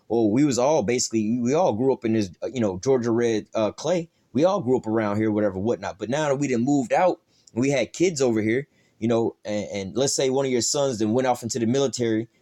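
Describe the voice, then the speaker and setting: A man reads scripture aloud and explains it in his own loose street talk. He swears freely and leans on "all right" and "you know" to carry his points along. His pitch sits right in the middle for a man. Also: dark tone. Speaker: Bible teacher. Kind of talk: informal scripture teaching.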